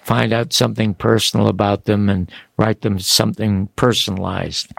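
An older man, an author and radio talk show guest, telling animated stories and acting out the people he quotes. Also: lowish voice, moderate pace, vocal fry, no echo. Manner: excitable, quotes people in acted voices.

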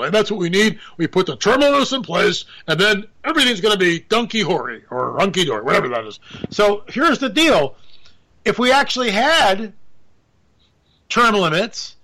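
A man's voice: high-pitched, pushed and bright. A man delivering a rambling, sarcastic political commentary monologue, full of asides and mock disbelief. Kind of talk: opinionated monologue.

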